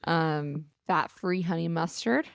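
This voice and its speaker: A woman's voice: deep voice, slow pace, creaky, studio quality. A woman from the US South co-hosting a casual podcast, laid-back and giggly, often echoing her co-host. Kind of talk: casual chat.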